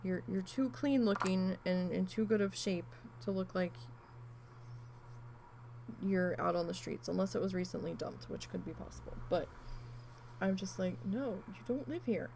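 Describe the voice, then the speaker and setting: A woman vlogger telling a rambling, animated story in a casual chat while she crafts, with asides and mild swearing. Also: lowish voice, normal speed, gravelly, pauses often, slight background noise, poor audio.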